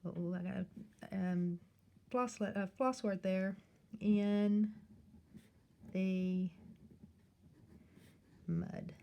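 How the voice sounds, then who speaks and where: In a recorded remote lesson, a woman primary school teacher addresses young children in a slow, clear, sing-song manner, with her pitch leaping up on questions. Her tone is steady and the sound is lo-fi.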